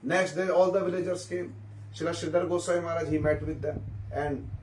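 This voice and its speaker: A man with a high voice tells stories at a devotee gathering, repeating himself and asking the listeners questions along the way. He sounds a little far from the microphone, and the room around him echoes. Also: little pitch movement, brisk, darkish tone. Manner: repetitive, questioning listeners, storytelling. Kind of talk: informal spiritual talk. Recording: echoey room, mic at a distance.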